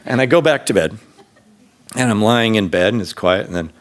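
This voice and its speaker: A man in his fifties or sixties tells a true personal story on stage, into a microphone before a live audience. His delivery is casual, full of fillers and restarts. His pitch swings widely, leaping high when he acts out his own younger self. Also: normal speed, heavy background noise. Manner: animated, jumps to a high excited voice when quoting himself. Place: stage in a public venue.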